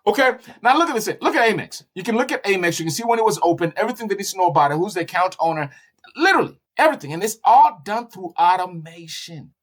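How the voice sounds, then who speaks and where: A man walking through his business software on a screen share, talking in an animated, salesy way with frequent "okay?" check-ins and restarts. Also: high-pitched, fast, hardly any pauses. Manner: restarts and repeats words often. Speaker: broker trainer and business owner.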